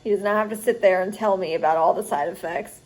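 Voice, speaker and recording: A woman's voice: mid-range voice, fast talker, a little mellow. Tired young woman rambling through a vlog. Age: young adult. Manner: rambling, chatty, fillers like "like". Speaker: student vlogger. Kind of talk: casual storytime vlog.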